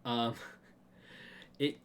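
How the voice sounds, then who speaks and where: A man's voice: very slow, a crowd in the background. A man hosting a podcast in casual chat, telling stories and laughing often. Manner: chatty storyteller, laughs often. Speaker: podcast host.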